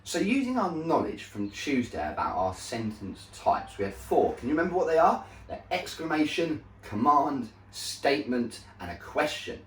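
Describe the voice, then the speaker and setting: A male primary school teacher giving a slow, deliberate recorded lesson to young children, often checking in with "okay?". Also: medium pitch, big pitch swings, slight background noise. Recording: echoey room, voice a bit far from mic.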